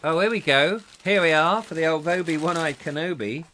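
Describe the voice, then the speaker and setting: A man's voice: a little high, fairly quick, sharp tone, a little hiss or hum. A man hosting a comic live chat show, jokey and playful with rambling asides. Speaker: host.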